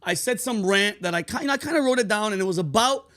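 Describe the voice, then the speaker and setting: A man's voice: high voice, expressive, fast talker, sharp tone. A man hosting a comedy podcast, talking casually in an emphatic, profane way with lots of repetition. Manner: profane, emphatic, repeats himself. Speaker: podcast host.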